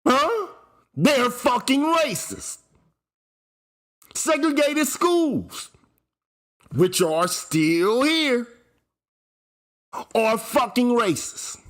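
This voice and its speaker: A man's voice: very high voice, expressive, drawn-out words, long pauses, a bit bright. A man hosting his own channel, delivering a fiery, profane commentary rant that hammers the same point with repetition. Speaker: channel host. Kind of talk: ranting commentary vlog.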